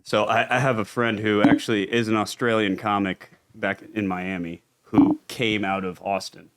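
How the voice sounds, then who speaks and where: Low-voiced man, laid-back comedian guest. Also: little pitch movement, normal speed, a bit bright. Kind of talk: casual chat.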